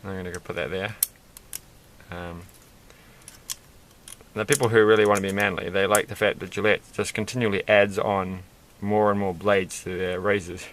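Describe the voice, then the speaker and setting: A man's voice: low-pitched, level tone, moderate pace, pauses often, fairly bright tone. A man chatting casually and rambling with amused asides while building a Lego set.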